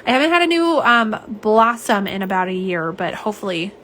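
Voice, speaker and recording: Woman, young, mid-pitch, chatty live-stream host; faint noise underneath. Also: very animated, brisk. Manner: chatty and warm, lots of fillers and asides. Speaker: nail polish swatcher. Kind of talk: live-stream chat, reading viewer comments. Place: home office.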